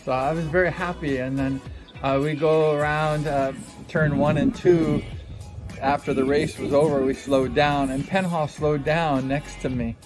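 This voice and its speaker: A man in his sixties with a somewhat high voice tells a story from his racing days in a loose, chatty way. He acts out what people said and fills the gaps with "you know" and "like". Music plays under him the whole time. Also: measured pace. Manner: animated, acts out quotes, many fillers. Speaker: former speedway rider. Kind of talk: casual personal storytelling. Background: background music.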